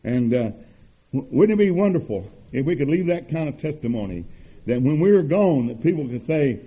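An older man preaching a sermon, with an earnest cadence, emphatic repetitions and drawn-out stresses. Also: a little high, sing-song, dark tone, breathy edge, rough recording. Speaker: pastor.

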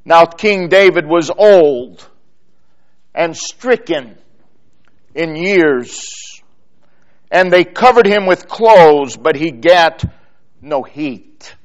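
A man preaching a sermon, reading scripture aloud with slow, deliberate pauses and emphatic repetition. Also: fairly high pitch, animated. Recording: dull lo-fi sermon recording.

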